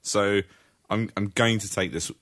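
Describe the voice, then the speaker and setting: A man's voice: lowish voice, fairly even intonation, unhurried, a bit bright. A man co-hosting a comedy podcast, teasing the others in a wry, chatty way. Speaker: podcast co-host. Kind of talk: casual comedic banter.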